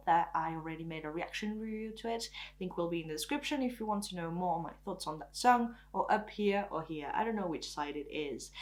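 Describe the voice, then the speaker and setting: Woman, native French speaker, casual and excited music-review vlog delivery, mid-height voice. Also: mid-range voice. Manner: enthusiastic, chatty, often says "freaking". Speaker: K-pop reviewer.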